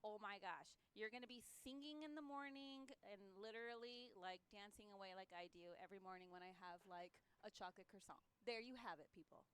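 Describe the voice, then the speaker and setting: A woman's voice: medium pitch, a little fast, few pauses, a bit bright, clear, resonant tone. A woman co-hosting a morning show, chatting with gushing enthusiasm. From part French. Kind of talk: casual chat.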